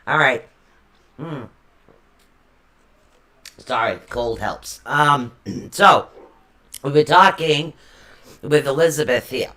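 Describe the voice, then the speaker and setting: Woman, Boston accent, chatty live-stream host, rambling, allergy-stuffed, bright tone. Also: sits low, takes it slowly, long pauses. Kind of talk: casual chat.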